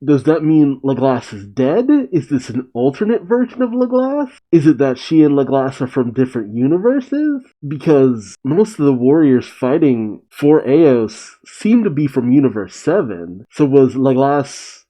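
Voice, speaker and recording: A man reads a comic chapter aloud and stops to muse over it in chatty, puzzled asides. His voice is mellow and relaxed, pitched in the middle. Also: normal speed, few pauses, rough recording. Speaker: manga reaction host. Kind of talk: casual reading and reaction.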